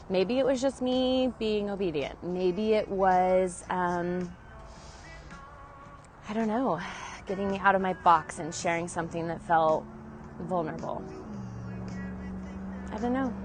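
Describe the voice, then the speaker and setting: A woman's voice: on the low side, slight background noise. A woman sharing a personal story in a confessional vlog, earnest and openly emotional, talking into her phone in and around her car. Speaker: vlogger.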